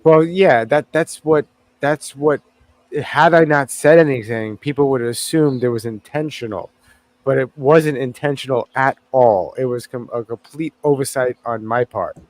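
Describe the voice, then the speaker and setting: A man's voice: medium pitch, moderate pace, darkish tone. A man co-hosting a casual podcast, chatting loosely, swearing casually and restarting his sentences. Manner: rambling, self-correcting, swears casually. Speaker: podcast co-host. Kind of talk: casual chat.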